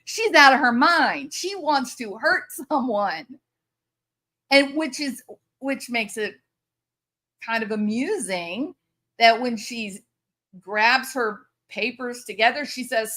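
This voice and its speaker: A woman's voice: on the high side, expressive, takes it slowly, bright, forceful tone. A woman commentator reacting to a news story, incredulous and sarcastic, often laughing in disbelief.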